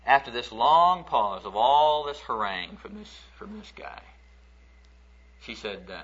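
A man's voice: mid-range voice, very animated, a little slow, a bit bright, husky. A man preaching a sermon through folksy, conversational storytelling, acting out the stories he tells. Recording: dull lo-fi recording.

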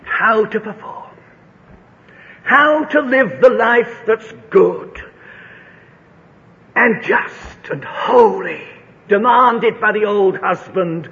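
A man's voice: lively intonation, extremely slow, gravelly, long pauses. A man preaching a sermon, reading scripture and telling stories with dramatic, rising delivery. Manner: dramatic, rising to high shouts in a told story. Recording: dull lo-fi recording in a large reverberant hall.

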